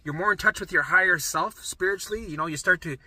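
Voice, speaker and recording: A man's voice: high-pitched, fast, pushed and bright, no room sound. A middle-aged man coaching listeners on recovery in an emphatic monologue, often tagging sentences with "right?" and swearing casually. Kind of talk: motivational monologue.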